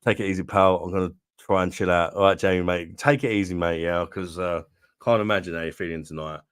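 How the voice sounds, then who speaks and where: London bloke with a deep voice chatting to his stream, laid-back and cheeky, dead dry mic. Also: fairly even intonation, fast, clear, resonant tone, no echo. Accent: London English. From London, England. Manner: laid-back banter, swears freely. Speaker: host of a beer review livestream. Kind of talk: casual livestream chat reading viewer comments.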